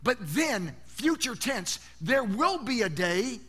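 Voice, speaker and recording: A man preaching a sermon as a pastor, animated and conversational, often asking rhetorical questions and repeating words as he goes. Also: very high voice, slow pace.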